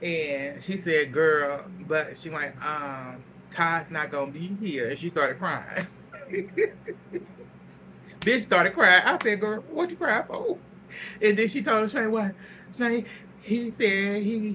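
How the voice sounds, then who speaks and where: A man's voice: high-pitched, slight background noise. A man casually recapping a reality show episode, telling it as gossip with lots of laughter and salty language. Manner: animated storytelling, laughs a lot, salty language.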